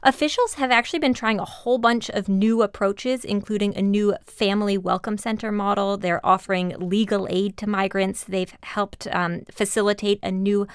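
Smooth-voiced woman radio reporter. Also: mid-range voice, steady tone, no room sound, studio quality. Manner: measured, explanatory. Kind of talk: news interview.

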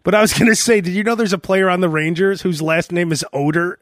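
A man hosting a podcast in casual chat, animated and jumping between topics. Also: sits high, fast, no room sound, clean studio sound. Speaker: podcast host.

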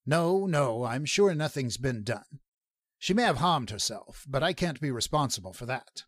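A man's voice: mid-range voice, animated, normal speed, no echo, natural voice. Brief: male reader doing a disapproving jail superintendent, icy, flustered, dry close sound. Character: cold, fussy male prison superintendent.

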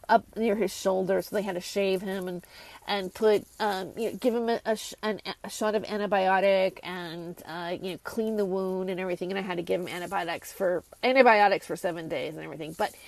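Woman host, casual solo monologue, rambling with restarts, gravelly, dry close mic. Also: mid-range voice, fairly quick, darkish tone, dry recording, low-quality recording. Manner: rambling, with many restarts and asides. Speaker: channel host.

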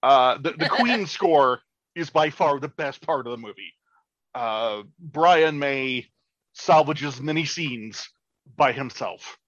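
Brief: halting, blunt, foul-mouthed male podcast co-host, dry close mic. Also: mid-range voice, lively intonation, a bit bright, no echo, dull audio. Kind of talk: casual chat.

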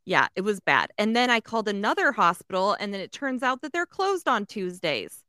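Woman podcaster from Texas, animated storyteller, dry studio mic. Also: mid-range voice, normal speed, dry recording. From San Antonio area, Texas. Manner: animated, swears freely, acts out other people's lines. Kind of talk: casual storytelling chat.

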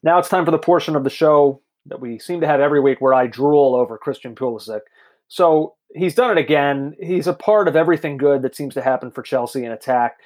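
Easygoing higher-voiced male podcaster. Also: brisk, darkish tone. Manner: easygoing, laughs often, says "like" a lot. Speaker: podcast co-host. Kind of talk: casual football chat.

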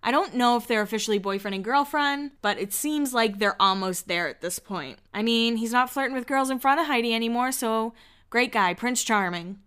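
A woman hosting a podcast, recapping reality TV in a chatty, snarky, animated way. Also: on the high side. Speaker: podcast host. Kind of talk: casual reality-TV recap chat.

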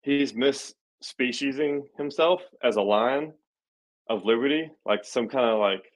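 A man's voice: mid-range voice, measured pace. Rambling, swearing podcast host man. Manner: rambling, swears, self-mocking with restarts. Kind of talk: casual podcast chat.

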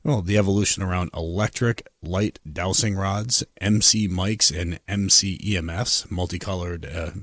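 Radio host guy, really deep voice, dry studio sound, upbeat plugs. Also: steady tone, moderate pace, few pauses, fairly bright tone, no room sound. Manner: upbeat, plugs things with fillers. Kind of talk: radio show sign-off and promos.

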